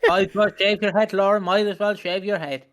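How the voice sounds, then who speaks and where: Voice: mid-range voice, steady tone, a little fast, a bit bright. Hesitant podcast co-host. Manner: hesitant, many ums and restarts. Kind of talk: casual chat.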